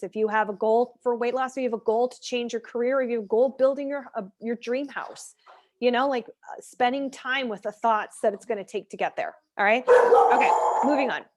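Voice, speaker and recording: A woman fitness and nutrition coach speaking candidly over a video call, chatty with many fillers, leading an online workshop. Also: fairly high pitch. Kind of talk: casual online workshop talk.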